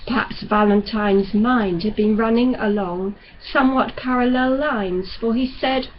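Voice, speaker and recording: A woman reading a novel aloud in a slow, deliberate way. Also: fairly high pitch, expressive, lo-fi sound, slight background noise. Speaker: audiobook reader. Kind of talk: novel narration.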